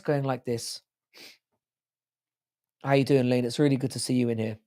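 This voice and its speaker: A British man with a hoarse, sore throat, hosting a livestream in casual, crude joking banter while reading out viewer comments. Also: medium pitch, steady tone, moderate pace, long pauses, warm tone. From United Kingdom. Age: adult with a child. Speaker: livestream host.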